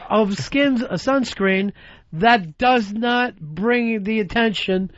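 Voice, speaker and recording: A man's voice: sits high, takes it slowly, fairly bright tone, dry recording, dull audio. A man hosting a radio talk show, telling crude, rambling stories and acting out voices. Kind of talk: profane comedic talk radio banter.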